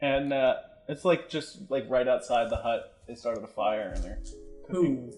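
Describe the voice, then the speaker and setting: A man's voice: medium pitch, measured pace, a little mellow, faint music behind. A man narrating as game master in a tabletop game, casual and laughing, with plenty of fillers.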